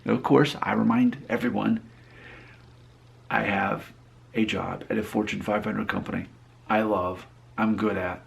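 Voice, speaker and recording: A man's voice: on the low side, steady tone, measured pace, creaky, long pauses. A man in his late thirties talking casually to his viewers, reading out their comments and answering them with dry rebuttals. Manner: talkative, repeats and restarts phrases. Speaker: YouTube creator.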